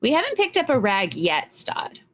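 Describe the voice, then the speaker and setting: A woman co-hosting a game stream with a playful, joking manner. Her voice is bright and on the higher side, with lively swings in pitch. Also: normal speed. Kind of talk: casual gameplay banter.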